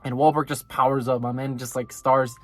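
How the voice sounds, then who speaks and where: A man giving a casual, rambling recap of an anime episode, full of fillers and quick laughs. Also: medium pitch, flat delivery, faint music behind. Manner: loose, filler-heavy, laughs often. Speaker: anime reviewer.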